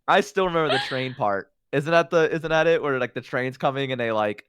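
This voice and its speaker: A man's voice: mid-range voice, fairly quick, clean tone, no echo. A man chatting casually as a stream guest, telling rambling stories full of fillers. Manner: animated rambling storytelling, lots of "like". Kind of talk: casual chat on a collab stream.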